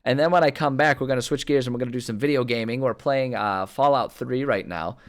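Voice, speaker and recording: A man's voice: medium pitch, fast talker. A streamer thinking aloud in casual chat as he plans a story, rambling with many fillers and restarts. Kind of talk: casual livestream chat about story planning.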